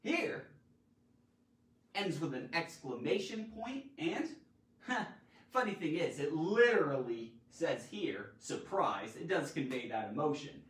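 Man teaching grammar live, playful and theatrical, wildly swooping pitch, slow deliberate delivery, echoey room, distant mic. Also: big pitch swings. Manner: theatrical and playful, with sudden loud exclamations. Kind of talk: lively live-streamed grammar lesson. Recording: roomy echo, mic at a distance.

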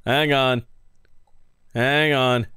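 A man's voice: medium pitch, steady tone, extremely slow, sharp tone, smooth, dry recording, studio quality. A man hosting a casual game playthrough, reading along and tossing in wry, profane asides. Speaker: let's play host.

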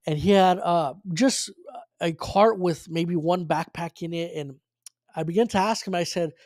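High-voiced earnest man preaching a testimony. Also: a little slow, darkish tone, no echo, clean studio sound. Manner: earnest, retelling dialogue with frequent restarts and fillers. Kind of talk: sermon testimony storytelling.

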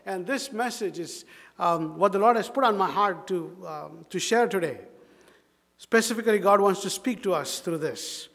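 High-voiced Indian pastor preaching in a church hall. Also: male voice, moderate pace, fairly bright tone. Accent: Indian English. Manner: emphatic, repeats phrases, asks the congregation rhetorical questions. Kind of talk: sermon. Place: church sanctuary. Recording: long reverb of a church hall.

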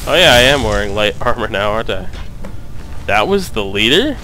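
A man's voice: lowish voice, big pitch swings, a little fast, sharp tone, a little hiss or hum. A man giving casual, joking commentary while playing a game, often mocking himself and going off on silly tangents. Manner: goofy, joking, self-mocking. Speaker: let's play gamer.

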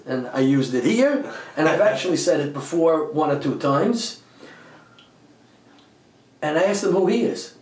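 A man who is a lecturer, telling a story in an interview with lively delivery, slipping into voices and repeating words. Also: a little high, moderate pace, long pauses. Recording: roomy, distant mic.

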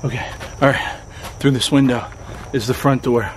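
A man of middle pitch films himself in a run-down trailer in the dead of night, his voice nervous and often sinking to a whisper. He swears a lot as he talks to the camera. Loud crickets and insects chirp behind him on the camera mic. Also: steady tone, normal speed, a little hiss or hum. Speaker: paranormal vlogger. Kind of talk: nervous ghost-hunting vlog narration. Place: abandoned trailer at night, in and out of doors.

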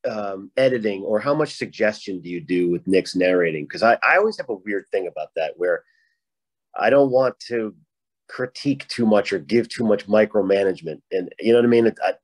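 Low-voiced Rhode Island man chatting. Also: expressive, fairly quick, no echo, rough recording. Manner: rambling, many restarts. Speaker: guest author. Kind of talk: casual panel chat.

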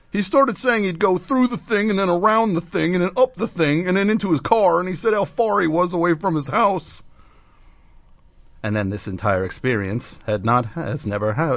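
A man's voice: high voice, no room sound. A man hosting a radio show, mocking a clip with sarcastic, laughing commentary into a studio microphone. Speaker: radio host.

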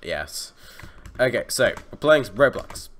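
A man's voice: mid-range voice, big pitch swings, unhurried, fairly bright tone, slight background noise. A man playfully chatting and laughing while playing a video game at home. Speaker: gamer co-host. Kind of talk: casual gameplay chat.

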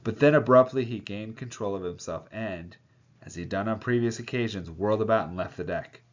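A man reads a novel aloud, giving the characters voices and stopping now and then to add his own comments. His voice is on the low side and fairly quick, and the recording has a dull lo-fi sound.

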